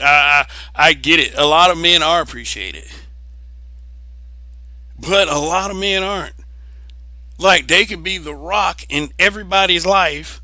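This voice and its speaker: A young man rants bluntly in a casual opinion monologue, swearing freely and doubling up words when he drives a point home. His voice sits a little high and cuts through with a hard, bright edge. The sound is dry and close, with no room around it. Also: no echo, rough recording. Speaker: vlogger giving opinions.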